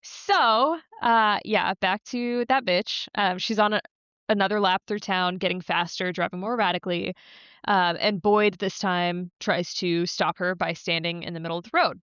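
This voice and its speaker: A woman co-hosting a casual show recap, swearing freely and acting out characters in quick asides. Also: mid-range voice, steady tone, a bit bright, smooth, no room sound. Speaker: podcast co-host. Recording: dull lo-fi sound.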